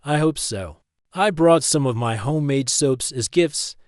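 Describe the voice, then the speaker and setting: Man reading a gentle careful young guy in a storybook, dry sound. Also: medium pitch, animated, unhurried, no echo, lightly acted.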